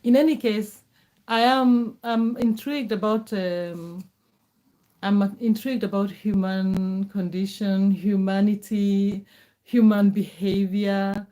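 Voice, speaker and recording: A woman's voice: medium pitch, steady tone, takes it slowly, warm tone. A middle-aged woman from Kenya, chatting casually on a live stream, answering viewers' comments in a reassuring way and repeating her words.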